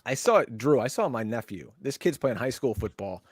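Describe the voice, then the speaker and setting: A man hosting a sports podcast with upbeat, chatty banter and quick promotional plugs over what sounds like a video call. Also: mid-range voice, animated. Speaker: podcast host. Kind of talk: lively show hosting, casual banter.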